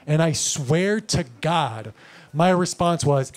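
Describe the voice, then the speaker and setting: A man doing stand-up comedy in a live club, animated and slangy, on a stage mic. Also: on the high side, unhurried. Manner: animated, slangy, lots of "like" and "bro".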